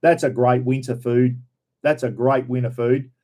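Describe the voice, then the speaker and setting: A middle-aged Australian livestream host talks in a steady, mellow, medium-pitched voice at normal speed. He reads viewer names in a casual chat, greeting people, rambling, repeating himself, and using "everyone" and "bloody."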